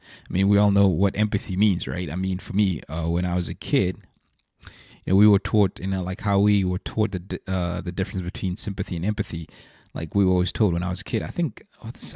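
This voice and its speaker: A man's voice: low-pitched, fast talker, a little mellow, dry recording, studio quality. A man hosting a podcast, talking earnestly about faith and thinking aloud as he goes. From South Africa. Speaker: podcast host. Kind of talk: reflective faith monologue.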